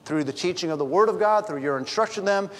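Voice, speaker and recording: Middle-aged pastor guy preaching, kinda high voice, chatty and funny, big echoey church. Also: expressive, quick pace, a bit bright. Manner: storytelling with humor, chatty asides to the congregation. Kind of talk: sermon. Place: church sanctuary.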